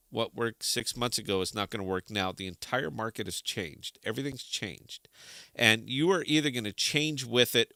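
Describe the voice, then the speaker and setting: A man co-hosting a casual livestream chat, joking and animated, sometimes sliding into rants. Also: lowish voice, clean tone, dry recording, clean studio sound. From Des Moines, Iowa. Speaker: podcast co-host.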